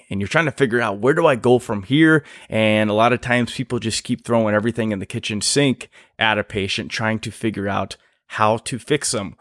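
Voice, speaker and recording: An American man with a somewhat low voice talks through his work with easy enthusiasm. The sound is dry and close to the mic, and his casual podcast manner stays friendly and explanatory. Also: fairly bright tone, dry recording. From United States. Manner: enthusiastic, explanatory, laughs easily. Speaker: flight paramedic guest.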